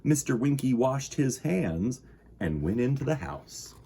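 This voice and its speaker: A man reading a picture book aloud to children, animated and full of sound effects. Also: mid-range voice, unhurried, a little hiss or hum. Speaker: children's storyteller.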